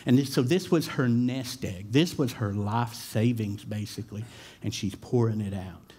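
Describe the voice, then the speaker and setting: A man's voice: on the low side, moderate pace, warm tone, slightly rough. Preaching man with a conversational style. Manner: conversational preaching with filler words and repeated starts. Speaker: pastor. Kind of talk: sermon.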